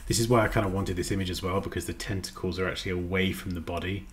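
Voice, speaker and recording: A man's voice: sits low, steady tone, very fast, slight background noise. A man chatting casually on a design livestream, rambling and muttering as he works. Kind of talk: casual livestream chat while editing.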